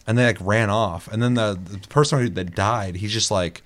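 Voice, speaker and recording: A man's voice: on the low side, normal speed. A young man hosting a casual chat, telling gaming stories with lots of swearing and acted-out quotes. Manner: animated storytelling, acting out quotes, swears often. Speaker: podcast host.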